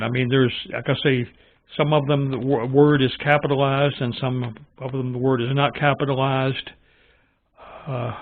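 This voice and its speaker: A man talks through his views in a musing, halting, opinionated way, like a host chatting on his own channel. The audio is thin and phone-like. It is dry, with no room echo. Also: medium pitch, gravelly. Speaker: channel host reviewing Bible translations. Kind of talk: casual spoken commentary.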